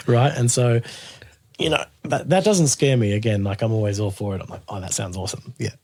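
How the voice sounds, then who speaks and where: An Australian guest musician tells a story in a relaxed interview, laughing often and animatedly acting out what people said. His mid-range voice moves at a normal speed, recorded dry.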